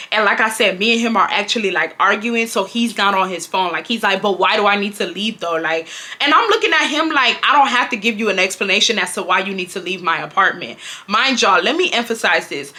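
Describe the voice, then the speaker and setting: Young woman, 20s, sharp bright voice, lively storytime vlog, acts out her own quotes. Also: mid-range voice. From Houston, Texas. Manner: animated, acts out her own lines with swearing and laughs. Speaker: storytime vlogger. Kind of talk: casual storytelling to camera.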